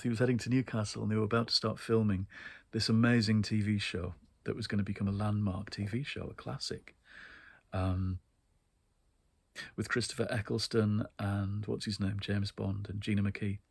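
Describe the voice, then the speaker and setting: A man's voice: fairly low pitch, level tone, moderate pace, gravelly, no room sound. A man from northeast England, hosting a show and telling wry, chatty stories about book events. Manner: chatty, wry, frequent laughs and ums. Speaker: host. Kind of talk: casual anecdotal monologue.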